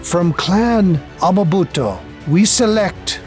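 A man voicing a wise old male tribal elder who speaks slowly and in measured phrases. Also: high voice, lively intonation, a little mellow, faint music behind, voice pushed up. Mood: ceremonial. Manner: slow, measured.

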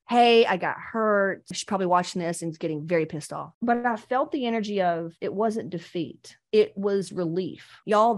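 Blunt, cussing woman coach. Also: mid-range voice. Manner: blunt, profane, animated. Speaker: weight-loss coach. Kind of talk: motivational talk to camera.

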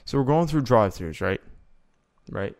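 A man's voice: mid-range voice, expressive, moderate pace, creaky. A young man co-hosting a casual sports podcast, rambling and often checking in with "right?". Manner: rambling, repeats himself, asks "right?". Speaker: podcast co-host. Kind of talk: casual chat.

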